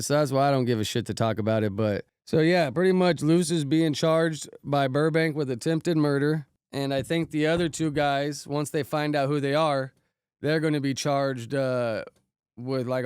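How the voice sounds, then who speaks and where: A man's voice: mid-range voice, darkish tone, clear, resonant tone, no room sound, clean studio sound. A married man with kids telling a story in a casual, slangy, profane way and saying "bro" a lot. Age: adult, married with kids. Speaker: podcast host recounting an incident.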